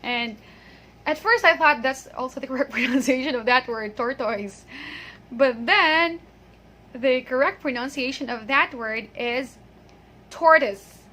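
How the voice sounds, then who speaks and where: A woman with a high voice leads a pronunciation lesson, drilling one word at a time. Her tone is bright and clear. She repeats words slowly so the listener can copy them. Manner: patient, drills words and checks with "okay?". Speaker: English pronunciation teacher.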